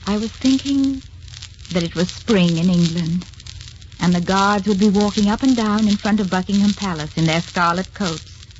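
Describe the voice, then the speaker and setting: A woman's voice: medium pitch, moderate pace, darkish tone, slight background noise, lightly acted. An actress playing Lady Emma Hamilton, an anguished aristocratic lover, with an emotional, tremulous theatrical delivery in a 1940s radio drama. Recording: muffled old radio broadcast with music.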